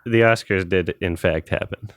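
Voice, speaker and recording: A man's voice: low-pitched, normal speed, no echo. A man co-hosting a podcast, chatting casually with a dry, sarcastic manner. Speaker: podcast co-host. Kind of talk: casual chat.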